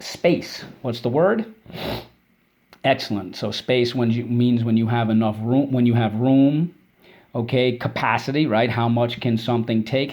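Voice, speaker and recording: A man teaching a spelling and vocabulary lesson for kids, explaining words patiently and drilling them in call-and-response with quick praise. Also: medium pitch, a little mellow.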